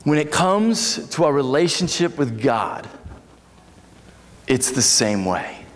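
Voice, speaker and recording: A man's voice: mid-range voice, big pitch swings, slow pace. A man in his thirties, a pastor giving a sermon, telling a story with jokes and asides to the congregation. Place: church sanctuary. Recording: long reverb of a church hall.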